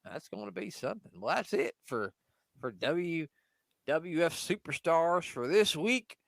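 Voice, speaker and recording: A man's voice: fairly high pitch, lively intonation, a little slow, creaky, dry recording. A man co-hosting a casual wrestling podcast, talking loosely, swearing freely and trailing off mid-thought. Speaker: podcast co-host. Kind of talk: casual chat.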